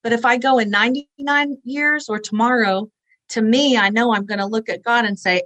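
A woman's voice: a little high, moderate pace, a bit bright, dry recording, low-quality recording. A woman in her forties, a guest in an interview, tells a personal story in an earnest, conversational way and acts out the voices she quotes. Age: 40s.

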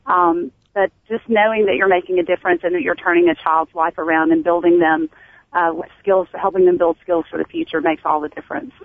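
A woman's voice: fairly low pitch, steady tone, brisk, dry recording. A woman, a teacher, calling in to a talk show and speaking earnestly. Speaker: caller, teacher. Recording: tinny phone line.

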